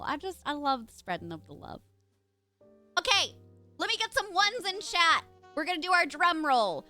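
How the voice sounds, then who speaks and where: Bubbly high-voiced woman streamer. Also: sharp tone. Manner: bubbly, greets chat members by name. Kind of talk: casual live-stream chat.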